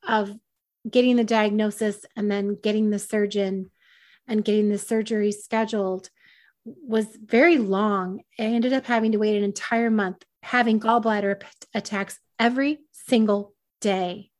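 A woman's voice: medium pitch, steady tone, moderate pace, darkish tone. A woman guest on a podcast, telling a personal story in a candid, self-deprecating way.

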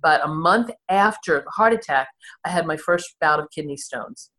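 Guest, woman, 60s, low voice, candid and self-deprecating storyteller. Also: lively intonation, moderate pace, a bit bright. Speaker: therapist and podcast guest. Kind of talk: conversational interview storytelling.

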